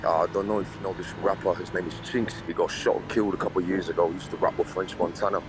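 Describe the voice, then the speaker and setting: Deep-voiced rambling New man. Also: steady tone, racing, heavy background noise. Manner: rambling, joking, chatty. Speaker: streamer. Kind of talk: casual stream banter.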